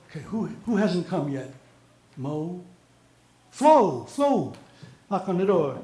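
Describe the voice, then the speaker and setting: A man's voice: high-pitched, very animated, slow, long pauses, dark tone. An older man doing stand-up, telling jokes and acting out the characters in them, sometimes stumbling over words. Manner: storytelling, acts out characters, occasional stumbles. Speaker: stand-up comedian. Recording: echoey room.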